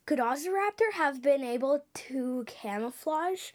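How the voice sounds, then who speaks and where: A high-pitched woman narrates a make-believe time-travel adventure about dinosaurs. Her voice leaps all over the place, and she talks slowly, dropping now and then into hushed whispers. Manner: animated, with sound effects and loud gasps. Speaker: host of a dinosaur show.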